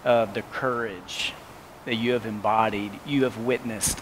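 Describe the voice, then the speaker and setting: Young male host, gentle and affirming, faint crowd behind. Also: lowish voice, fairly even intonation, measured pace, low-quality recording. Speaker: host interviewing his mother. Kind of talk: onstage interview.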